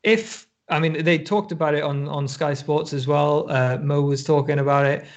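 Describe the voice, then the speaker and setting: A man's voice: on the high side, fairly even intonation, moderate pace, muffled recording. A man co-hosting a casual basketball podcast, rambling and restarting, often breaking into laughs. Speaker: podcast co-host. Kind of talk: casual chat.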